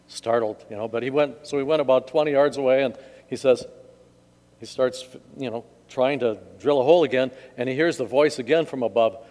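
A man's voice: medium pitch, a little fast, darkish tone. A male pastor reading scripture and preaching a conversational sermon with jokes in a church sanctuary. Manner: conversational, joking. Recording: long church reverb.

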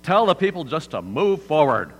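A man voicing God as a calm, commanding figure who gives firm, reassuring orders. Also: on the high side, moderate pace, pitched above the performer's own voice. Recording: hall reverb, faint mains hum.

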